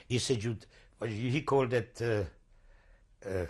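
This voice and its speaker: An older man recounting his memories in an oral history testimony, speaking halting, broken English and often searching for words. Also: mid-range voice, darkish tone. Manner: non-native English, broken grammar. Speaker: interviewee.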